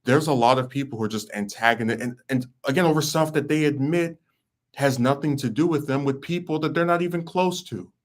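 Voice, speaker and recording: A man's voice: mid-range voice, brisk. A young man hosting a podcast, ranting in a blunt, sarcastic, exasperated way. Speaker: podcast host. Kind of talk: casual chat.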